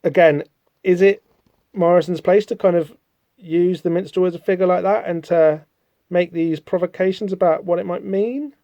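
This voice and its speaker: Man, podcast host, mellow dark tone, slightly high, dry close sound, rambling and apologetic. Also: steady tone, normal speed, dry recording. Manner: rambling, self-deprecating, apologetic asides. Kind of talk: casual solo comic-book discussion.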